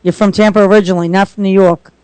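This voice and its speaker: Woman radio host in a studio, chatty and quick, dry sound. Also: mid-range voice, steady tone, darkish tone, clear, resonant tone, no room sound. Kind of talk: casual radio interview.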